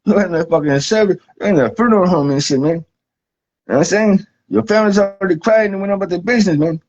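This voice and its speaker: High-voiced man rambling and cussing. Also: fast talker, a little mellow. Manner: profane, rambling, keeps saying "man". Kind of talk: rambling comic monologue. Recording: dull lo-fi recording.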